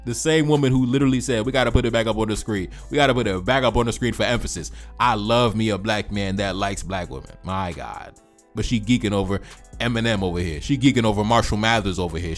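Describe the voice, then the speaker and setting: A man's voice: on the low side, quick pace, soft background music. A man hosting a reaction video, giving emphatic, repetitive commentary with slangy asides. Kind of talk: commentary reacting to social media posts.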